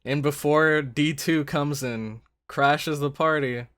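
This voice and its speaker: A man giving casual reaction commentary, thinking out loud with lots of fillers and breaking into loud excited exclamations. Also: fairly high pitch, slow pace, smooth. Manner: thinks aloud with many fillers. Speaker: anime reaction host.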